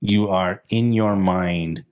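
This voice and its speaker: A man's voice: deep voice, steady tone, slow, clean tone. A man co-hosting a podcast in casual conversation, rambling with frequent restarts and acting out his own inner thoughts. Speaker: podcast co-host.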